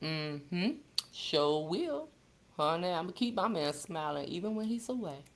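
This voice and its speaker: A woman's voice: lowish voice, lively intonation, measured pace. Chatty woman greeting her livestream viewers. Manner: chatty, greets viewers by name, calls them sister and baby. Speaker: livestream host. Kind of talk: casual livestream chat with viewers.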